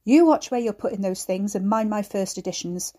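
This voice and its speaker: A frail old man croaks and wheezes from his bed, played by a woman reading aloud. He scolds with sharp scorn, voice lifted and strained, the tone soft and mellow. A storybook figure, bookish and contemptuous. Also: mid-range voice, normal speed, natural voice. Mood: scolding.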